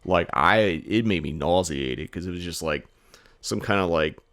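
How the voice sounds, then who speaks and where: A man's voice: low voice, normal speed, dry recording. A man co-hosting a podcast, telling a rambling story in casual chat and swearing often. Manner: rambling storyteller, swears a lot, animated when mimicking people. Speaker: podcast co-host.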